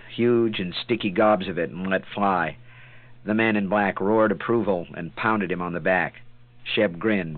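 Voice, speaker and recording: A man narrating an audiobook in a measured, dramatic way. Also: on the low side, no room sound. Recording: tinny phone-like sound.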